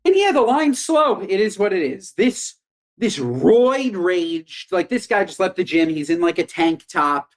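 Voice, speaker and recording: A comedy podcast co-host talks emphatically in casual, comedic chat, breaking into mock rants. He is very animated yet unhurried, swinging his pitch widely.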